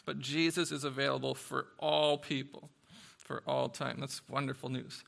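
A man preaching a sermon in an animated, conversational way, swinging from soft asides to loud bursts. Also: mid-range voice, moderate pace, creaky. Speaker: pastor.

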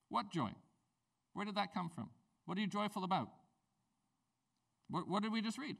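A man preaching a sermon as a pastor, in a conversational, animated way with playful asides. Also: sits high, moderate pace, vocal fry, pauses often, recorded from a distance.

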